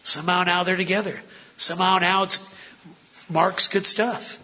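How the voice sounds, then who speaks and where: A man's voice: high voice, flat delivery, moderate pace, sharp tone. A man preaching a sermon in a conversational way, asking the listeners rhetorical questions.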